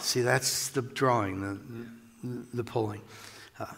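A man's voice: medium pitch, moderate pace, creaky, a bit bright, slightly rough. A man preaching a sermon as pastor, talking in a loose, conversational way with chuckles and asides, recorded in a church sanctuary. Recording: long reverb of a large hall.

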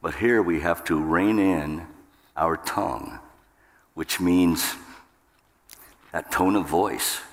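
Low-voiced male pastor, unhurried and emphatic sermon delivery, reverberant church hall. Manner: emphatic, jumps up in pitch for acted outbursts. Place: church sanctuary.

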